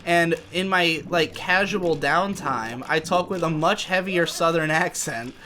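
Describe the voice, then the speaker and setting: This young podcast co-host has a voice on the high side and talks unhurriedly while a crowd murmurs in the background. He's gaming as he chats casually, thinking out loud and restarting his sentences often.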